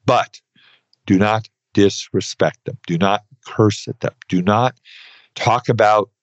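A man's voice: fairly low pitch, slow, dry recording. A man in his fifties hosting an advice podcast, talking earnestly and emphatically and repeating points with "okay". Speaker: podcast host, accountant. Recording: dry, slightly dull podcast audio.

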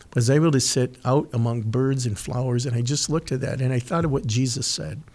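A man speaks in an earnest, heartfelt devotional voice, leaning on words with slow, deliberate pauses. His pitch sits in an ordinary middle range. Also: darkish tone. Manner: earnest, slow and emphatic with pauses, gets emotional. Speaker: podcast host giving a devotional. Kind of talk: devotional talk and prayer.

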